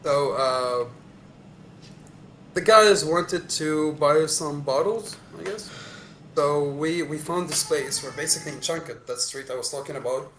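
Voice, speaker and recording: A young man from Syria, a podcast co-host telling a story casually, animated, laughing often, with many fillers. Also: fairly high pitch, a little slow, a little hiss or hum. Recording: echoey room.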